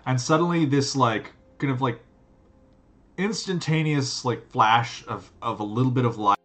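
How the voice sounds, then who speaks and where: A man's voice: mid-range voice, moderate pace, fairly bright tone. A man narrating as game master of a tabletop game over a video call, describing scenes loosely with plenty of "like" and "um". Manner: loose and rambling, full of fillers.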